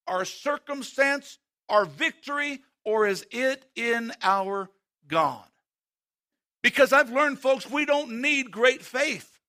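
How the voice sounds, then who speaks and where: Male preacher, high voice with a bright edge; booming emphasis that drops to a near hush; quizzes the congregation. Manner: swings between loud emphatic calls and hushed, slow passages; asks the congregation direct questions. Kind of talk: sermon.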